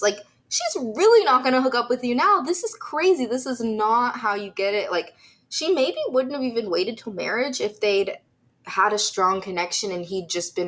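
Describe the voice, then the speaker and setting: A woman's voice: medium pitch, a bit bright. A young woman giving casual, opinionated commentary in a reaction video, chatty and full of "like" and "um".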